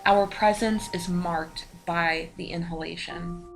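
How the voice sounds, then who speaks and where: A woman giving a slow, solemn scripted voice-over narration for a documentary. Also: lowish voice, fairly even intonation, vocal fry. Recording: voice-over with music behind.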